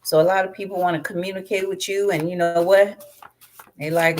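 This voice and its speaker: A woman's voice: lowish voice, steady tone, a little fast, a little mellow. A woman giving a casual tarot card reading, talking bluntly with heavy swearing and rambling asides. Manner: blunt, profane, rambling storytelling. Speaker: tarot reader.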